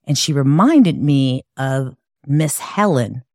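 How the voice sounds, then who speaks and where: A woman from Chicago telling her own life story in an earnest, measured, reflective way. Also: rumbling low, expressive, darkish tone, dry recording, studio quality. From Chicago, USA. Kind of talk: personal storytelling.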